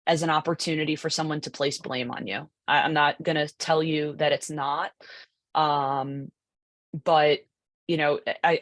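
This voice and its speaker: A woman's voice: deep voice, no room sound. A woman coach giving a conversational presentation, chatty, full of asides and rhetorical "right?" tags. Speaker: lacrosse goalie coach presenting.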